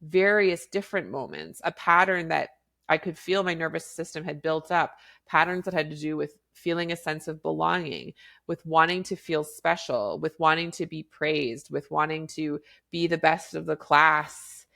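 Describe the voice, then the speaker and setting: Woman podcast host, low pitch, gravelly, reflective personal storytelling, lots of fillers. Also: moderate pace, fairly bright tone. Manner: reflective, filler-heavy, frequent restarts.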